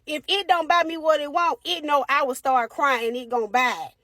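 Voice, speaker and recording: Woman voicing a bossy little girl, matter-of-fact and sure of herself, high voice, dry sound. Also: fairly even intonation, brisk, pushed and bright, dry recording.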